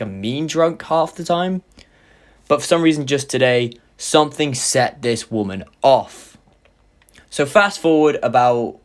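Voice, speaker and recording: Swearing young man telling a story. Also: medium pitch. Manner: animated retelling, heavy swearing, many fillers. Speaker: YouTuber. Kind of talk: storytime vlog.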